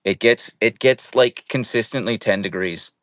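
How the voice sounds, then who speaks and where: A man's voice: on the low side, normal speed, no room sound, studio quality. A young man hosting a casual live stream from home, chatting playfully and greeting viewers by name. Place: at home, indoors.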